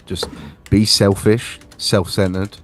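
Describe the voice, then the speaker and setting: A man player giving a deadpan, mock-cynical plug at the end of a game stream. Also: lowish voice, takes it slowly, a little hiss or hum.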